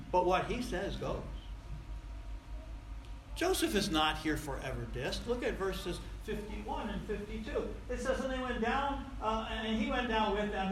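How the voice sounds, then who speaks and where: A male pastor preaching a sermon emphatically, with big swings in loudness. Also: high voice, slight background noise. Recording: echoey room.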